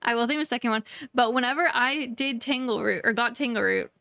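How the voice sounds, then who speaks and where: A woman's voice: a little high, fast talker, sharp tone. A young woman from Northern California co-hosting a podcast, chatty and playful, often giggling. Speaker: podcast co-host. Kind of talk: casual chat.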